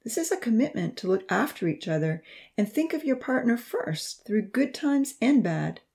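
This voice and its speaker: A woman voicing a gentle, caring older man in a storybook reading, speaking earnestly. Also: a little high, very animated, normal speed, creaky, pitched above the performer's own voice. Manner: earnest, pleading.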